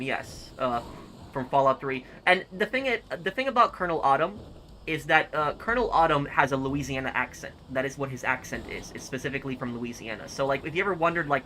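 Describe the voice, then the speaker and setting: A man streaming and reading comments aloud in casual chat, halting and repeating words as he goes. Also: medium pitch, lively intonation, bright, forceful tone, slight background noise, rough recording.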